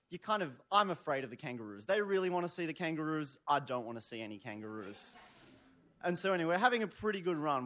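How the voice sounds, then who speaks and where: A man's voice: fairly high pitch, fairly bright tone. A man telling a story live on stage, rambling with lots of "sort of" fillers and wry humor. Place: stage before a live audience.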